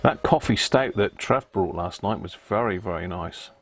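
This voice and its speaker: A man's voice: low voice, moderate pace, creaky, soft background music. A man from Britain hosting a casual live stream, chatting away, often laughing and thanking viewers. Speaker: livestream host.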